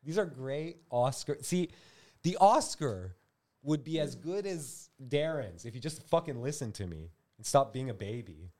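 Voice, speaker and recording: Speaking a little slowly in a mid-range voice, a man co-hosts a comedy podcast full of casual joking. His manner is lively and jokey, with occasional mocking impressions.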